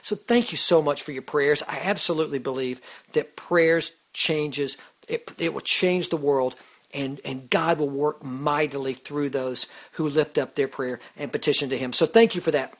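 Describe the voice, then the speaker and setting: A man with a slightly high voice, speaking at a moderate pace, hosts a Christian radio show. His devotional talk about faith is earnest yet casual, with plenty of "you know" and restarts.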